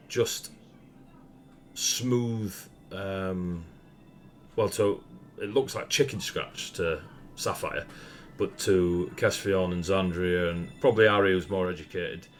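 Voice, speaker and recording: A young Northern English man runs a tabletop game, describing scenes in a very low voice. He rambles easily, with plenty of ums, and laughs often as he narrates. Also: a little hiss or hum. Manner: laid-back, laughs often, rambling with fillers. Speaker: game master.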